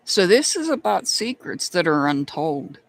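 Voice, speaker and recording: A tarot and rune reader on a live stream, talking straight to chat viewers and musing between pauses. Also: medium pitch, big pitch swings.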